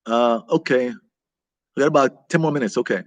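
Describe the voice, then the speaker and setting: A man's voice: mid-range voice, brisk, no echo. A man hosting a casual live-stream chat, rambling and reacting aloud to viewer comments. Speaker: vlog host reading live chat.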